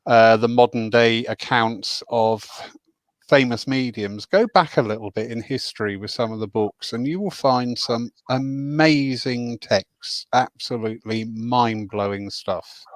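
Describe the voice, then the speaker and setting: A man's voice: mid-range voice, a little slow, no room sound. A man hosting a casual talk on spiritualism, speaking earnestly and emphatically, with a chatty, encouraging tone. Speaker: host.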